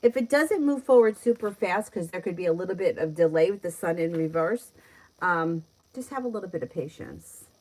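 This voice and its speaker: A middle-aged woman with a New York accent, giving tarot readings on a live stream. She talks in a chatty, easygoing way and laughs often as she answers viewers. Her voice sits a little low for a woman. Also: animated, brisk, a little mellow, low-quality recording. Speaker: tarot reader.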